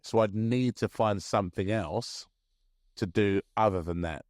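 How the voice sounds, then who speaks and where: A man in his thirties co-hosting a podcast, with a fairly low voice. He chats casually, laughs often and restarts his sentences. Close, dry mic. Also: a little slow, a little mellow, no echo. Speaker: podcast co-host. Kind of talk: casual chat.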